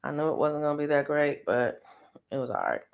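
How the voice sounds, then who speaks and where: Low gravelly-voiced woman chatting. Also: huge pitch swings, brisk. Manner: rambling, laughs often, many ums; crocheting while talking. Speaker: live stream host. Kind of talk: casual chat to live viewers.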